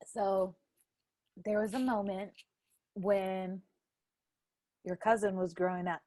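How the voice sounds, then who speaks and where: Dry-sounding woman telling lively stories. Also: mid-range voice, slow pace, no echo. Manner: animated storyteller, acts out quotes loudly, laughs often. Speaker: podcast host. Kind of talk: casual family chat.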